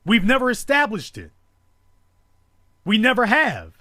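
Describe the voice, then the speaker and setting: A man hosting a call-in talk show, delivering a forceful, rhetorical monologue built on repeated emphasis. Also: high voice, huge pitch swings, unhurried, no room sound, studio quality.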